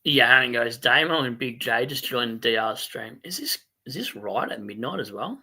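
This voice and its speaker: An Australian man with a very bright, tense voice, hosting a loose late-night livestream. He reads out viewer comments and rambles cheerfully, quick to laugh at his own slips. His pitch sits in an everyday middle range. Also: animated, breathy edge. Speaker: fantasy football stream host.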